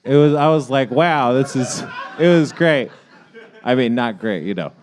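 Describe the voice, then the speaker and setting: A man's voice: medium pitch, a little slow. A man, a podcast regular, telling a wry, laid-back anecdote in casual chat.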